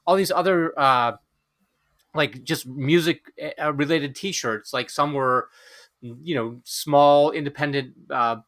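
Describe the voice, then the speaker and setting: Bright, tense-voiced man telling a rambling story. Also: fairly high pitch, takes it slowly. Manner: rambling storyteller with many fillers and restarts. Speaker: podcast co-host. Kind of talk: casual chat.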